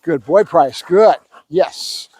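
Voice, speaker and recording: A man working as a dog trainer, calling short firm commands to a dog and calmly explaining his method as he trains. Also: a little high, takes it slowly, breathy edge, no echo.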